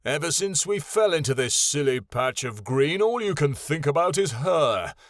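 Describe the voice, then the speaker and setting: A man voicing a proud, wounded male dragon who shouts in booming fury. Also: expressive, normal speed, no echo, studio quality, lightly acted. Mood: furious.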